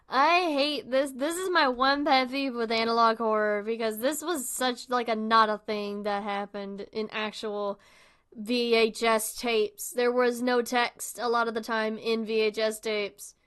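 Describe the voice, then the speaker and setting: A woman's voice: on the high side, steady tone, slow pace, fairly bright tone, clear, resonant tone. A woman hosting a livestream, giving casual, rambling reaction commentary full of fillers into a close microphone. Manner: chatty and rambling, many fillers. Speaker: livestream host.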